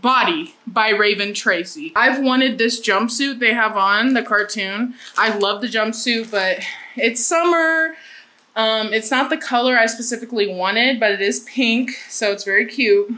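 Young woman, casual vlog talk; bright tone, a touch high, candid and loose. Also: unhurried, a little hiss or hum. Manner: chatty, candid, swears casually. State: out of breath after a workout. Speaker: vlogger.

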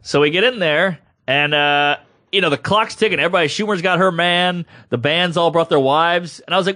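A man co-hosting a podcast, telling a comedic story in a casual, animated way and acting out the voices of the people in it. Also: a little high, a little fast. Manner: animated, acts out quoted voices. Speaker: podcast co-host.

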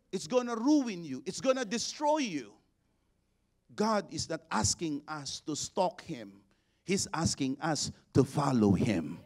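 A bishop preaches a sermon, his somewhat high male voice moving at an unhurried, deliberate pace. He builds to loud, shouted exhortations and calls on the congregation to repeat after him. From Philippines. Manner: preaching with rising shouted exhortations and call-and-response.

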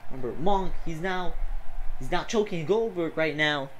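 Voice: medium pitch, normal speed, slight background noise, poor audio. A gamer calling a wrestling video game match play by play, exclaiming often and talking to the wrestlers on screen. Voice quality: excitable, full of gasps and "oh"s.

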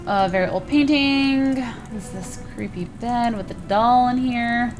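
A woman's voice: on the high side, unhurried, over music. A woman hosting a gaming video, chatting casually to viewers as she plays and sometimes exclaiming in surprise. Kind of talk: casual let's play commentary.

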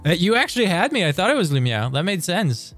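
A man streaming live and chatting casually through a quiz, excitable and quick to swear as he reads lyrics aloud. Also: high voice, soft background music.

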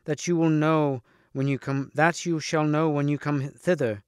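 An urgent young noblewoman messenger pleads in a high, insistent voice, as a man reading the story puts her on. The sound is dry and close, with no room around it. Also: steady tone, moderate pace, clear, resonant tone, dry recording, lightly acted.

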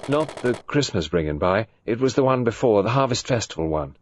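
A man's voice: fairly low pitch, brisk, a little hiss or hum, natural voice. A man voicing a tired, apathetic young woman who speaks dully and without interest. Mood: weary. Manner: dull, flat, uninterested.

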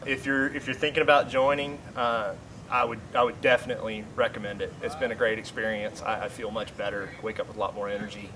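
A man from Texas, out of breath after a workout, giving a halting testimonial full of fillers. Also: lowish voice, level tone, distant mic, a crowd in the background. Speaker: boot camp client giving testimonial. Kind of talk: spoken testimonial. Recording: noisy outdoor recording.

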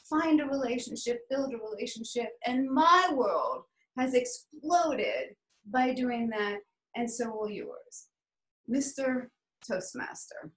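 A woman's voice: fairly high pitch, slow pace, reverberant, poor audio. A woman from the American South with a mostly hidden Southern accent, giving a heartfelt, rambling personal speech at a club meeting. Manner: heartfelt, rambling, says y'all. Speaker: club speaker.

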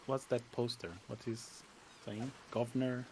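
A man's voice: medium pitch, little pitch movement, measured pace, a little mellow, slight background noise. A man streaming a game with playful, casual commentary, game music behind. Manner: playful, chatty.

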